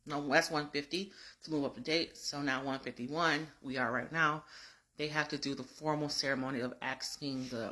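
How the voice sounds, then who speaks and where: A woman's voice: extremely low pitch, bright, forceful tone. A woman recapping a drama episode in a chatty, slangy, casual way.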